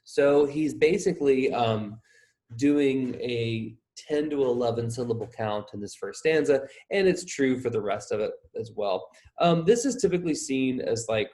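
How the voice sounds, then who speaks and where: A man's voice: medium pitch, a little mellow. A man, possibly a young adult, gives a recorded lecture on poetry, thinking aloud in a loose way with many fillers and restarts. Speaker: teacher.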